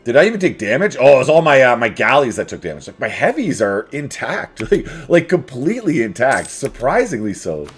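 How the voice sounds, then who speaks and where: A man's voice: mid-range voice, big pitch swings, brisk, few pauses. A man giving casual, jokey commentary while playing a strategy game, chatting to his units as he goes. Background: faint game music.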